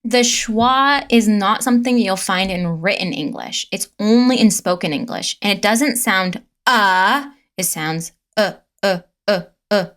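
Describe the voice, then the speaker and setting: A woman coaching English pronunciation in a mid-pitched voice. She demonstrates sounds clearly, stretching and stressing words as she drills them. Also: unhurried, few pauses. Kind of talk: pronunciation lesson.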